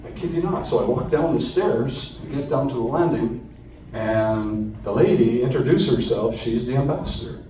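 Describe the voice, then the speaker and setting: A man's voice: medium pitch, normal speed, dark tone, slight background noise. A man from Canada recounting his captivity to a live audience in an earnest, conversational way with frequent restarts. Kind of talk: personal storytelling talk. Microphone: phone recording from the audience. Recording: distant, echoey phone recording in a hall.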